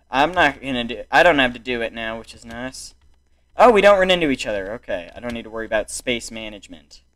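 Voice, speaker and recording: A young man giving excitable, exclamatory commentary while playing a video game. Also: a little high. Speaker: gaming YouTuber. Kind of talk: gameplay commentary.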